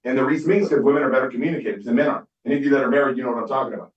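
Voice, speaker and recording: A man's voice: mid-range voice, very fast. A middle-aged man giving a motivational business talk on stage, telling stories and acting out quoted dialogue. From Southern California. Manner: storytelling, acts out quoted dialogue. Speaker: skincare business speaker. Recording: distant, echoey, dull hall recording.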